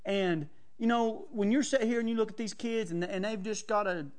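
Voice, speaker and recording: A man's voice: high voice, a little fast. Folksy man preaching. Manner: chatty, acts out quotes, laughs often. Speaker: preacher teaching on counsel. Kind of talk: folksy sermon storytelling.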